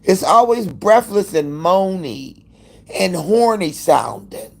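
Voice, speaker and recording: A man's voice: high-pitched, expressive, slow, gravelly. A man hosting a casual live-stream chat, gossiping in a profane, dramatic way. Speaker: livestream host.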